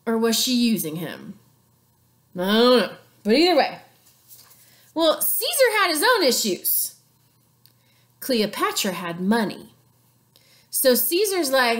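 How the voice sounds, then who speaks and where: A woman's voice: on the high side, huge pitch swings, slow, pauses often. A woman teacher giving a playful, chatty history lesson with sarcastic asides. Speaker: sixth grade teacher.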